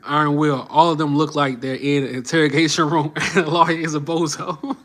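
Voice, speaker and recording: A man's voice: fairly high pitch, flat delivery, a little fast, a bit bright. A man giving casual reaction commentary, mocking and slangy, often laughing. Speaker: reaction channel host.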